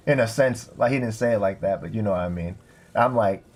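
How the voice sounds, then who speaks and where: A man's voice: on the low side, a little fast, darkish tone. A young man streaming a game, telling a long rambling story full of swearing and filler words. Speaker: streamer and bartender. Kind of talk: casual storytelling while livestreaming a game.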